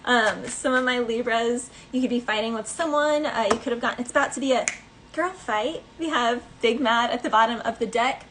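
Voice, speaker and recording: A woman's voice: on the high side, normal speed, fairly bright tone, slight background noise, poor audio. A woman giving a casual collective tarot reading, chatty and rambling, with many fillers and snatches of song. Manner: breaks into bits of song. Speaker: tarot reader.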